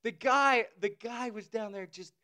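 A man's voice: high voice, measured pace, pushed and bright, no echo, clean studio sound. A young man co-hosting a casual chat, laid-back and teasing, laughing often. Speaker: podcast co-host.

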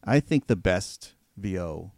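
Male guest, gravelly, laid-back storyteller, dry close recording. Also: deep voice, lively intonation, slow pace, darkish tone, no echo. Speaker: voice actor guest. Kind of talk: casual podcast chat.

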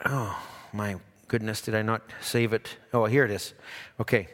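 A man preaching a sermon, dropping low for asides and rising loud for emphasis. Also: steady tone, normal speed. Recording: hall reverb.

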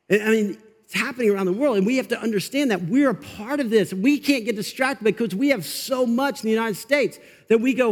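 A male pastor preaching an energetic, conversational sermon in a church, with quick asides to the congregation. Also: high-pitched, long reverb tail. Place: church sanctuary.

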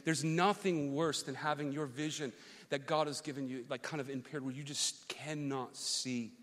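Animated pastor preaching in a reverberant hall. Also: male voice, mid-range voice, moderate pace. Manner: animated storytelling, swinging loud to soft. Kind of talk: sermon with personal story.

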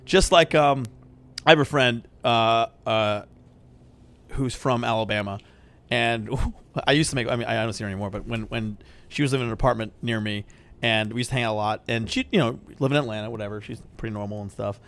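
A man's voice: mid-range voice, fairly quick, fairly bright tone. A man chatting casually as a podcast host, laughing often and acting out voices in his anecdotes. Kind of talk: casual chat.

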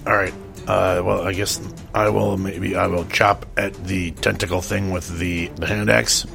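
Man, very low gravelly voice, bright edge, hesitant, stammering player. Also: little pitch movement, a little slow, faint music behind. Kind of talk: casual tabletop game play.

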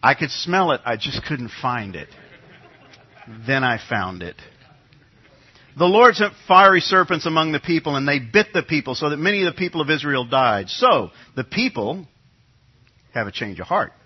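Animated husky male preacher. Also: fairly high pitch, normal speed. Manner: animated storytelling, acting out crowd voices. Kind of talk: sermon. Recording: dull lo-fi recording.

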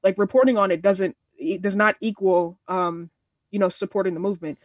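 A woman's voice: medium pitch, brisk, no room sound, clean studio sound. Earnest young woman, slightly distant mic. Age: 20s. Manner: earnest, rambling with many restarts and quoted asides. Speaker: panelist. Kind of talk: casual discussion.

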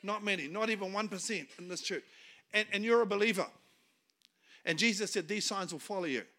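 A man's voice: sits high, brisk, sharp tone. A middle-aged man with a New Zealand accent, preaching as a guest speaker and telling funny stories, laughing at his own jokes. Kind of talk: storytelling sermon.

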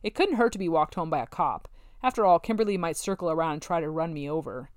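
A woman narrating a novel in the first person, with steady, wry storytelling. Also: deep voice, fast, dry recording, studio quality. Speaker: audiobook narrator.

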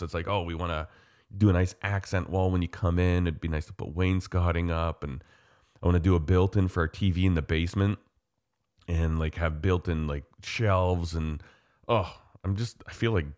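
A man from Canada with a very deep, low voice talks in an easy, rambling way. He is enthusiastic and full of fillers as he chats casually. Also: a little fast, darkish tone. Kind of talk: casual chat.

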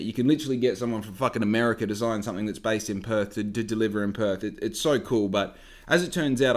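Sweary man ranting casually. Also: medium pitch. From Australia. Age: young adult. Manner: swears a lot, rambling, flares into loud rants. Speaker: vlogger. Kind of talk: casual chat.

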